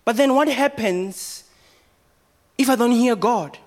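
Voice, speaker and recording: A man's voice: very high voice, takes it slowly. A man, a pastor, preaching a sermon and asking the congregation rhetorical questions.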